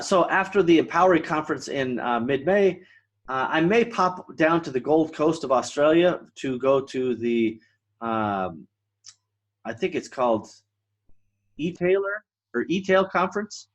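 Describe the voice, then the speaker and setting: A man with a mid-range voice hosts his podcast alone in a casual monologue. He rambles, using lots of fillers and restarts.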